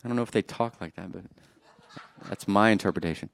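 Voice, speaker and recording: A man preaching a sermon, animated and joking with the congregation, swinging from loud bursts to quiet asides. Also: fairly low pitch, fast, gravelly, clean tone. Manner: jokes with the congregation.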